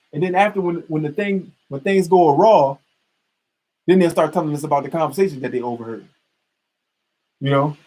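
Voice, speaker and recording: A man ranting fiercely on his own podcast, preaching and swearing as he repeats his points. His voice sits high and comes out husky. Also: a little mellow, poor audio. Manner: fiery, preachy, profane, repetitive. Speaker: podcast host. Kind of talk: heated ranting monologue.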